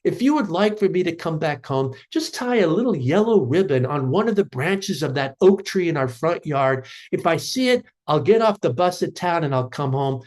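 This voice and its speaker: A man's voice: a little high, animated, darkish tone, natural voice. Man voicing a remorseful ex-convict. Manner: halting, anxious storytelling. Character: remorseful middle-aged male ex-convict.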